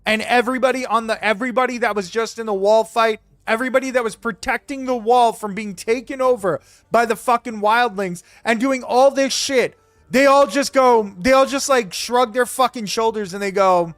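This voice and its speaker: High-voiced, ranting, profane male streamer. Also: normal speed, dry recording, faint music behind. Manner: rambling, profane, excitable ranting. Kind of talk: casual chat while live streaming a game.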